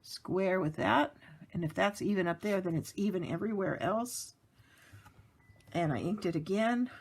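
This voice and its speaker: A woman's voice: medium pitch, moderate pace, slightly rough. A woman giving a casual card-making tutorial, chatty and laughing lightly as she narrates each step at her work table.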